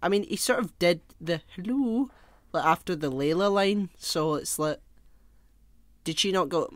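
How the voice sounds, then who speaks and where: A man's voice: sits high, measured pace. A young man co-hosting a podcast in casual chat, rambling, laughing often and swearing offhandedly. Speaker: podcast co-host.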